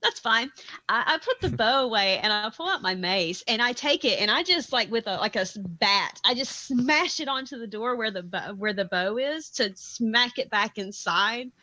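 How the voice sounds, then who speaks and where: A woman playing a tabletop game, animated and laughing as she talks her plans through aloud. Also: on the high side, moderate pace, low-quality recording. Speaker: player. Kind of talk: casual tabletop play.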